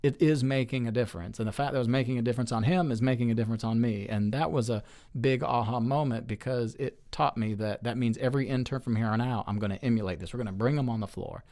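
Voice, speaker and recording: A man in his forties talks as an interview guest, earnest and chatty, with a medium-pitched, everyday voice. He tells long stories, circling back with plenty of "you know"s and restarts. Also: quick pace, hardly any pauses, warm tone. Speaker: state lawmaker as guest. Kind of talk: casual storytelling interview.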